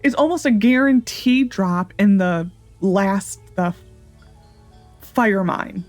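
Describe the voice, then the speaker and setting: Woman, gaming host, casual let's-play chatter, thinking aloud, mid pitch, faint music behind. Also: slow pace, no echo.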